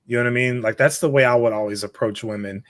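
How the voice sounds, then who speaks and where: A man's voice: mid-range voice, steady tone, quick pace, a bit bright, dry recording. Easygoing laughing male podcast guest, dry sound. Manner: easygoing, laughs often, frank. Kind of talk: casual podcast chat.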